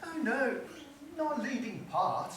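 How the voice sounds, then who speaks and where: A man's voice: extremely high pitch, sing-song, measured pace, a bit bright, full character voice. An older man playing a sly old actor who poses as a Frenchman, chuckling and bluffing his way through, on an amateur stage. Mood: eager. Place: theatre stage. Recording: echoey hall, far-off mic, noise.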